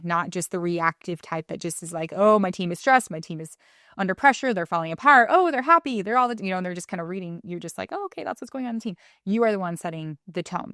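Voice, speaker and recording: A woman's voice: mid-range voice, no echo. Chatty woman coach, dry close sound. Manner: chatty, filler-heavy, acts out little quoted voices with laughs. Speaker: volleyball coach and podcast host. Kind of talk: casual solo podcast talk.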